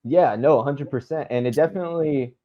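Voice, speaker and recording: A man's voice: medium pitch, fairly quick, dull audio. A man hosting an interview, asking long, meandering questions with plenty of hedging. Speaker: interview host.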